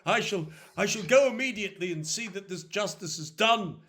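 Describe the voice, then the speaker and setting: A man's voice: sits high, expressive, a little fast, sharp tone, pitched above the performer's own voice. A man voicing an obsequious, fussy male nobleman who gushes and stammers his thanks. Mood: gushing.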